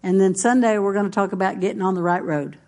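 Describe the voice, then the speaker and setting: A woman's voice: medium pitch, steady tone, fast talker, darkish tone. Woman pastor, middle-aged, folksy storytelling sermon. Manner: folksy, storytelling, with congregation responses.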